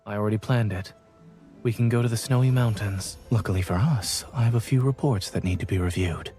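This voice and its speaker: A man voicing a calm, devoted male doctor love interest in a game, with a British accent and a composed, gently teasing way of talking. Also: lowish voice, a little fast, faint music behind, natural voice. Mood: tender. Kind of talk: game voice acting.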